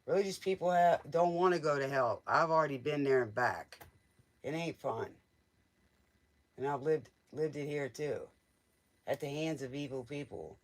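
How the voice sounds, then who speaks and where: A man's voice: a little high, moderate pace. A man doing a casual live-stream tarot reading, joking, teasing and laughing as he answers viewers' questions. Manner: jokey, teasing, laughs often. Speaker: tarot reader.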